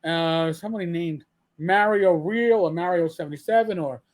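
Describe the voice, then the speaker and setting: A man's voice: on the high side, normal speed. A man hosting his own podcast, delivering an angry rant with frequent swearing and stammered restarts, repeating himself as he gets worked up. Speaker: channel host.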